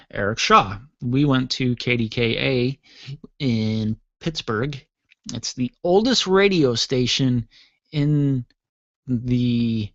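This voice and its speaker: A man's voice: mid-range voice, fairly bright tone, no room sound, highs cut off. A man hosting his own podcast from a basement studio, rambling casually with jokey asides and yawning from tiredness. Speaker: podcast host. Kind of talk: casual solo podcast talk.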